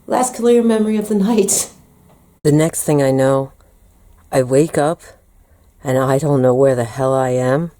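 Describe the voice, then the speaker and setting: In a casual storytime vlog, an American woman with a low, mellow voice tells a personal story, acting out her own quotes.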